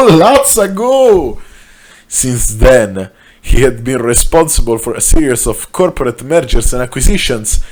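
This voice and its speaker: A man reading a comedic fan story aloud in a deadpan way, with ad-libbed asides. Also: medium pitch. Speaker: story reader.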